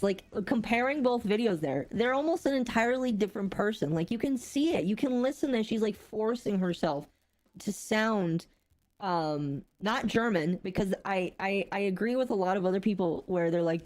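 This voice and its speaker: A woman's voice: mid-range voice, a little mellow. Rambling young woman podcast co-host. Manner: rambling, halting, many restarts and laughs. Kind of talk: casual streamed podcast chat.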